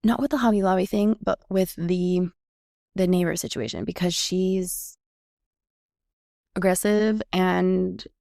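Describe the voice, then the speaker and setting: A woman hosts her own podcast and tells a personal story in a casual, chatty way, slipping into the voices of the people in it. Her voice has a gravelly, fry-tinged edge. The sound is dry and close, with no room echo. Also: on the low side, fairly even intonation, unhurried, long pauses, mellow. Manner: chatty, reenacts quoted dialogue. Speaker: podcast host.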